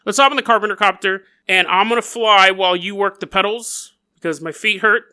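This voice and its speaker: A man hosting a podcast, telling a strange story in a playful, jokey way with quick asides. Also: high-pitched, bright, forceful tone, smooth. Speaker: podcast host. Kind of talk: casual comedic storytelling.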